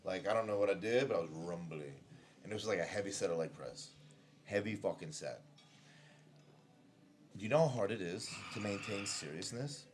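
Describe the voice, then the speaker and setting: A man on a casual podcast, telling a crude gym story in a relaxed way. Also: sits low, moderate pace, pauses often, slight background noise. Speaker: podcast co-host. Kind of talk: casual chat.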